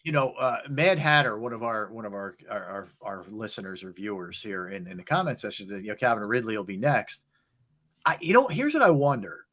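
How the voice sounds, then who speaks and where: A man hosting a casual sports talk show, lively as he moves the panel from one topic to the next. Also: lowish voice, fairly quick.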